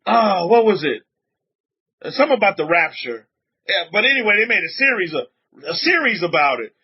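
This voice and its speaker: Guy preaching hard on a livestream, high husky voice, kinda muffled audio. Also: animated, normal speed. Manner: emphatic, repetitive preaching with frequent pitch swings. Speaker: rabbi. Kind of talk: livestream sermon reading chat comments. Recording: dull lo-fi audio.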